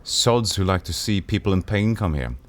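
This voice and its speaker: A man's voice: low voice, animated, normal speed. A man voicing a despairing, sardonic aging woman who turns frantic and pleading, read from a game. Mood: weary sardonic. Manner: wistful, then frantic and pleading.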